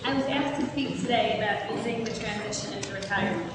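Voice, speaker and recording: A woman's voice: medium pitch, quick pace. A woman giving a community talk about easing into retirement, explaining earnestly with stories and examples and sometimes restarting a phrase. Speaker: speaker on retirement transitions. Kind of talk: community talk with audience questions. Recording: echoey hall, distant mic, background noise.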